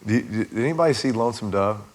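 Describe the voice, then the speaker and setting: A middle-aged man from Texas, a guest in a casual chat, telling stories in a lively way and laughing often. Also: lowish voice, fast talker.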